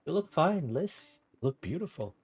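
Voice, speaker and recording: A man voicing a gentle male gnome adventurer in a game, speaking quietly and tenderly. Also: a little high, very animated, normal speed, slightly rough, exaggerated voice.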